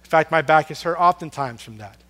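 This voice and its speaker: A man preaching a sermon, earnest and storytelling, swinging from loud emphasis down to a hush on soft words. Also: fairly high pitch, animated, fairly quick. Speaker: pastor.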